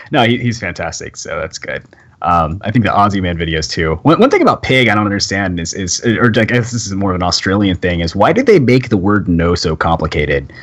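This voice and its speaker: A man's voice: sits low, sing-song, brisk, a bit bright. A man from Texas hosting a casual live-stream chat, talking loosely with frequent laughs, fillers and restarts. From Texas, USA. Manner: chatty, laughs often, many fillers and restarts. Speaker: podcast host.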